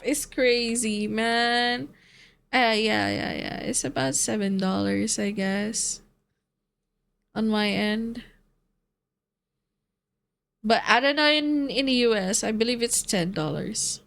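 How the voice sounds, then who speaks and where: A woman's voice: mid-range voice, slow, creaky, long pauses, fairly bright tone. A woman streamer chatting casually with her viewers, swearing and laughing often as she answers chat.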